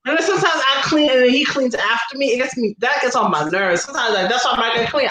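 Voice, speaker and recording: A woman co-hosting a casual livestream chat, acting out quotes with expressive delivery and laughing while she talks. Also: high voice, a little fast, hardly any pauses, reverberant, poor audio. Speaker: livestream co-host.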